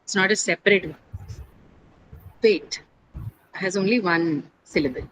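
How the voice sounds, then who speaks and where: A woman's voice: on the low side, a little hiss or hum, poor audio. Patient woman teaching syllables. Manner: patient, repeats words slowly for students. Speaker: English teacher. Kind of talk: classroom lesson on syllables and stress.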